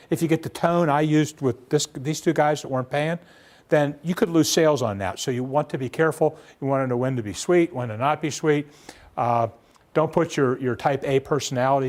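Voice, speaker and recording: Man lecturing a business seminar. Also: a little mellow. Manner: conversational, rhetorical questions, acts out demanding debtor with raised pitch. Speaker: small business seminar speaker. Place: seminar room.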